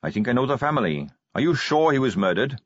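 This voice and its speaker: A man voicing an earnest, kindly young male watch captain with a gentle way of talking. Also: medium pitch, sing-song, quick pace, dry recording, dull audio, pitched above the performer's own voice.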